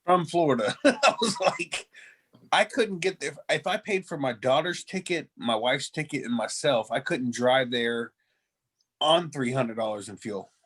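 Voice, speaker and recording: A man's voice: mid-range voice, moderate pace, a bit bright, slightly rough. A man co-hosting a podcast, joking and teasing in casual group chat. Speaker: podcast co-host.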